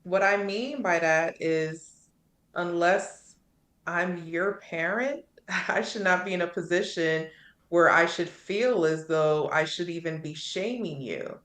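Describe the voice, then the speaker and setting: A woman's voice: fairly low pitch, takes it slowly, a bit bright, reverberant. A woman on a podcast panel in casual debate, arguing assertively point by point.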